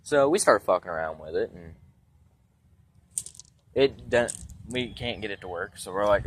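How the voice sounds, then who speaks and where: A man's voice: on the low side, animated, normal speed, long pauses, a little hiss or hum. A young man with congested sinuses telling a rambling, profane story about his truck in a blunt, casual way, outdoors beside parked trucks on a handheld phone camera. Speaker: vlogger giving a vehicle tour.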